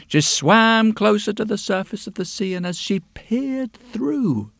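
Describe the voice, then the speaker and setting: A man's voice: sits high, animated, unhurried, gravelly, fairly bright tone, no echo. A man telling a story in a dramatic way, often dropping to a whisper. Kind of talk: spoken storytelling to music.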